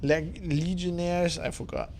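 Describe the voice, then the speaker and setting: Male streamer, tipsy, loose chatty rambling, swears a lot, slightly high voice. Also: little pitch movement, unhurried, a little mellow, a little hiss or hum. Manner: rambling, laughs often, swears. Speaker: live streamer. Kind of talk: casual chat.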